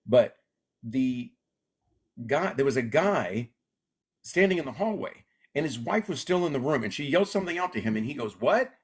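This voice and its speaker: This guest, a middle-aged comedian who grew up in Alaska, speaks at a normal speed in a husky, mid-range voice. Chatting casually in the interview, he tells stories with animation and performs the quoted voices.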